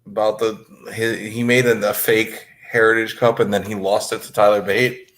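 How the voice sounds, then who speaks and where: A male podcast co-host with a low voice and a very flat, even delivery. He chats casually and in a low-key way, with little rise and fall in his tone. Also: moderate pace. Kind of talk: casual chat.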